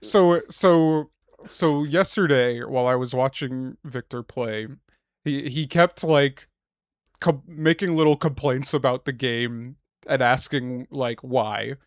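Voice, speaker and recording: A young man co-hosting a podcast in casual chat, ranting with lots of swearing and bursting into loud, exasperated shouts. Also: medium pitch, slow, dry recording, studio quality. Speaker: podcast co-host.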